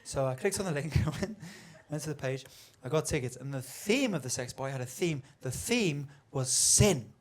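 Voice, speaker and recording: Animated stand-up comedian, high voice. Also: male voice, moderate pace, few pauses. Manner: conversational, animated, acts out quoted voices. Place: comedy venue with live audience.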